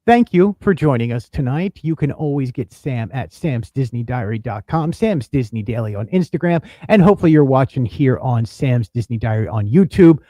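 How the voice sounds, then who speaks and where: A man's voice: mid-range voice, animated, moderate pace, few pauses, mellow, dry recording, clean studio sound. A man co-hosting a casual online chat show, upbeat and playful in his banter. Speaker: co-host.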